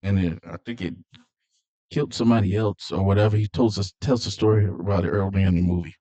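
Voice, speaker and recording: A man's voice: deep voice, steady tone, quick pace, dark tone, lo-fi sound. A man casually recapping a movie plot, rambling with fillers and repeated words. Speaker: movie reviewer.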